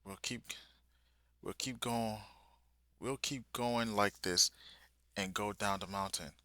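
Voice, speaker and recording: A man's voice: fairly low pitch, slow, sharp tone, no echo, clean studio sound. A man voicing an urgent old man in flight, reading in a plain voice barely changed from his own.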